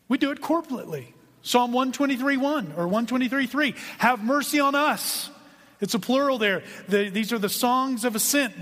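A man with a high voice preaching a sermon. He talks earnestly, going quiet and then building to emphasis. The sound carries a long reverb from the hall. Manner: earnest preaching, swings between hushed and emphatic. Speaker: pastor.

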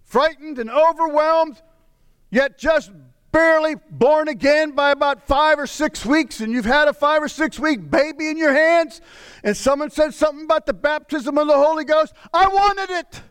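A middle-aged man preaching a sermon as pastor, with impassioned delivery that swings from raised cries to low, weary murmurs. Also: normal speed, a bit bright.

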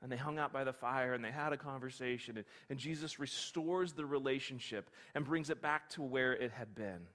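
A man preaching a sermon, telling the story in an animated, conversational way. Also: medium pitch, fairly quick, few pauses. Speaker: pastor. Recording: long hall reverb.

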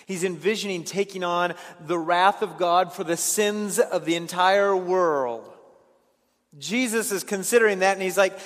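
A man preaching a sermon as a pastor, in an earnest way, often stumbling over repeated words and moving between hushed passages and raised ones. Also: a little high, normal speed, big-room sound. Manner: earnest, stammering restarts, swings between hushed and raised delivery.

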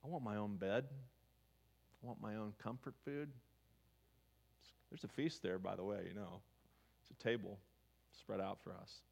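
A man's voice: fairly low pitch, fairly even intonation, moderate pace, creaky, pauses often. A man preaching a sermon as pastor, talking conversationally and asking his listeners questions. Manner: conversational, asks the congregation questions.

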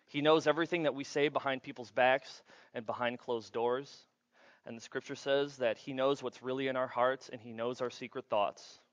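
Man, pastor, sermon, playful and animated, muffled dry sound. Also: mid-range voice, no room sound. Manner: playful, animated, acts out little scenes.

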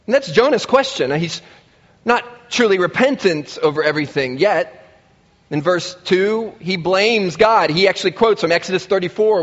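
A man preaching a sermon, lively and expressive, acting out the voices of the people he quotes. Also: high voice. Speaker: pastor. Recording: muffled sound with long reverb in a large hall.

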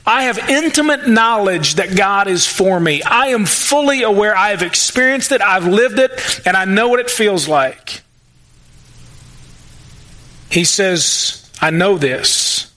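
A man preaching a sermon in church, talking conversationally and acting out prayers in quick asides. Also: high voice, lively intonation, bright, forceful tone, rough recording. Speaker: pastor.

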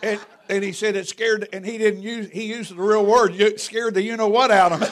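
A middle-aged man preaches in a fairly high voice. He tells stories in a folksy, humorous, animated way, speaking as the pastor of his church. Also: normal speed, noisy background. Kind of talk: sermon with storytelling.

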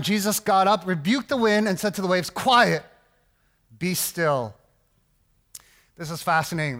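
A man's voice: sits high, fairly bright tone. A man preaching a sermon as a pastor, casual and rambling, with lots of restarts and asides, asking "right?" often.

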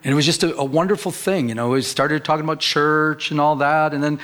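A man's voice: on the high side, fairly even intonation, brisk, a bit bright. A middle-aged male pastor preaching a sermon in an earnest, conversational way, telling personal stories.

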